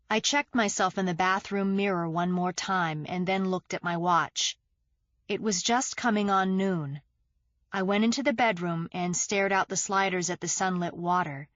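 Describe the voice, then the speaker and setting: A woman reads a thriller aloud in the first person, her pacing measured and steady. Her voice sits in a middle register and is recorded very close and dry, with no room sound at all. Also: medium pitch, no echo, highs cut off. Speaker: audiobook narrator.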